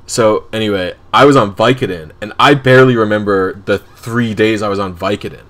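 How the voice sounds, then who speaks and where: Man, casual stream storytelling, rambling, self-correcting, fairly low voice. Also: a little fast, a bit bright.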